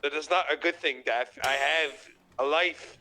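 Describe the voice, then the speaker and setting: Bright-voiced deadpan man. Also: a little high, measured pace, low-quality recording. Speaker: fellow roleplayer on a call. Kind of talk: casual in-character roleplay chat. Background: faint music.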